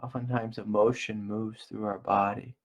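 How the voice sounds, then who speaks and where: A middle-aged man giving a gentle, slow spiritual talk as a meditation teacher, repeating phrases softly. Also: lowish voice, little pitch movement, highs cut off. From United States. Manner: slow, gentle and soft-spoken with repetitions.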